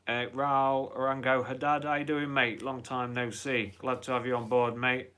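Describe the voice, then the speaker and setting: A man's voice: medium pitch, flat delivery, normal speed, fairly bright tone, clear, resonant tone. Chatty man hosting a live stream. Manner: rambling, chatty, swears freely. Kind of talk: casual live-stream chat.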